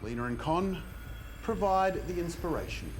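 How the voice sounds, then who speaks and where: A man's voice: a little high, big pitch swings, normal speed, background noise. A man hosting a mock comedy class, lecturing in a pompous, self-important way. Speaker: comedy show host. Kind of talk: scripted mock-instructional comedy.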